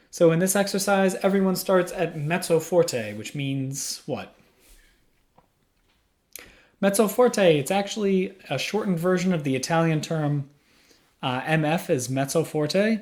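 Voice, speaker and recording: A man's voice: on the high side, a little mellow. A man working as a music teacher, giving a patient lesson in a small room and answering his own questions step by step. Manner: patient, asks questions then answers them. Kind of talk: instructional explanation. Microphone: studio microphone.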